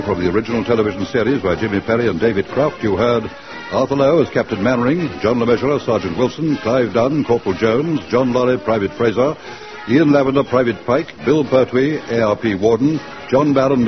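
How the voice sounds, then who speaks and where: Formal male announcer reading credits, mid pitch, over music. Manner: measured, formal. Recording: dull radio recording over music.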